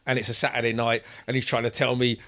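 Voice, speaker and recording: A man, a footballer, telling animated stories in a casual podcast chat and acting out what others said. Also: medium pitch, fast talker. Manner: animated storyteller, acts out quotes. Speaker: footballer guest.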